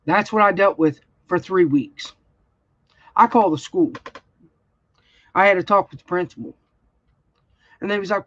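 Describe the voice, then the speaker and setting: A woman's voice: medium pitch, moderate pace, long pauses, no room sound. A woman, telling a story in a blunt, heated way during a casual livestream chat. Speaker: crafting channel host. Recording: dull, slightly lo-fi sound.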